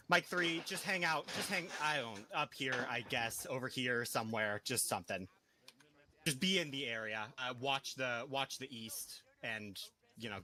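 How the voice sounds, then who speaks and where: Male squad leader, hesitant gamer orders, bright tense tone. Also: medium pitch, slight background noise. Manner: hesitant, filler-heavy orders. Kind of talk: giving game orders.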